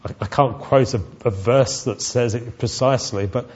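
An earnest man delivers a sermon in a husky voice, mid-pitched for a man, at a moderate pace. He falters and repeats words as he goes. The recording is dull and lo-fi.

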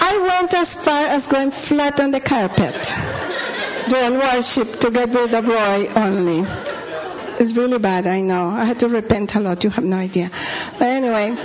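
A woman pastor preaching with humorous, confessional stories, often dropping to a whisper. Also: mid-range voice. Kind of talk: sermon storytelling. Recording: dull lo-fi recording.

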